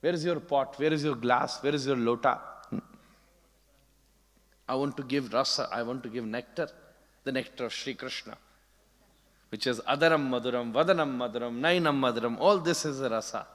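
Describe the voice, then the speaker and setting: A man voicing a strict old cowherd chief who calls out loudly and scolds, in a reverberant hall. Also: medium pitch, moderate pace, long pauses, close to an everyday voice. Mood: offering. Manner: loud commanding calls, scolding. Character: stern generous old male cowherd chief.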